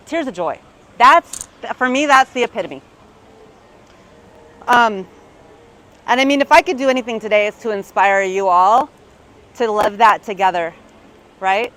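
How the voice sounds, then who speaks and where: A woman in her fifties, a real estate agent giving a motivational keynote story on stage, lively and peppered with "right?". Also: high voice, rough recording. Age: 50s. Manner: lively, tag questions like "right?". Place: conference stage.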